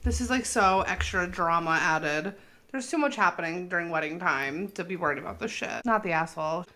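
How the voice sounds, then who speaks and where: A young woman co-hosting a podcast, chatting casually, blunt and quick to laugh. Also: lowish voice, lively intonation, bright, forceful tone. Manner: blunt, swears, laughs often. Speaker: podcast co-host. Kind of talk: casual chat.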